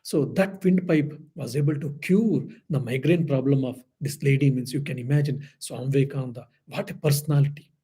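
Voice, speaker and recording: A man's voice: medium pitch, brisk, few pauses, warm tone, breathy edge. A man, a monk, giving an earnest spiritual talk, telling stories with many restarts. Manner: earnest storytelling with frequent restarts and "I mean". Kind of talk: storytelling spiritual lecture.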